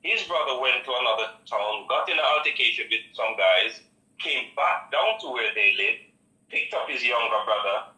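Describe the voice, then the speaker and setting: A man's voice: mid-range voice, animated, moderate pace, pushed and bright. A man calling in to a talk show, earnest and preachy, repeating his points. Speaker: caller. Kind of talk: phone-in call. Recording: roomy distant phone line.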